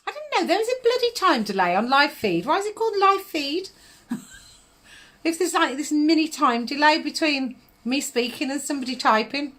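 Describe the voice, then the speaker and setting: A woman's voice: high voice, animated, moderate pace, a bit bright. A middle-aged woman, giving psychic readings on a live stream in a chatty manner, laughing often and calling viewers darling.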